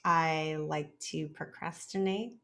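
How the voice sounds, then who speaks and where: A woman in her thirties hosting a podcast in casual chat from an office, chatty and relaxed, laughing often. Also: sits low, slow pace, creaky. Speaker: podcast host, dentist.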